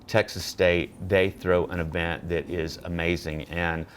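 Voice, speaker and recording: Brief: male guest, deep voice, animated anecdotal storyteller, stumbles and restarts, unscripted interview. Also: measured pace, a little hiss or hum. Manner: frequent restarts and stammers. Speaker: therapy dog volunteer guest.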